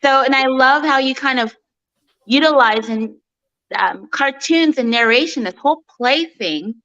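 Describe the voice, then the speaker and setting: A woman guest in casual chat, talking warmly with many fillers and restarts and frequent laughs. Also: high voice, unhurried, lo-fi sound.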